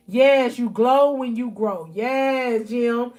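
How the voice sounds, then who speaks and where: A woman with a high voice preaches encouragement on a phone live stream from her bedroom. Her delivery is fervent, and she builds on repeated phrases while calling out to her viewers. Soft music plays faintly behind her. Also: takes it slowly, hardly any pauses. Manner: fervent, repeats phrases, keeps addressing listeners as y'all. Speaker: life coach. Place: at home, near her bed.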